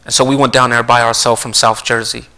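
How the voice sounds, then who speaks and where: A middle-aged man speaks in a bright, forward voice at an ordinary pitch. He talks earnestly on a live stream and tells stories as he goes. He often circles back and repeats phrases before finishing a thought. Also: little pitch movement, fast talker, low-quality recording. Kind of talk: conversational talk with storytelling. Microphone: streaming mic.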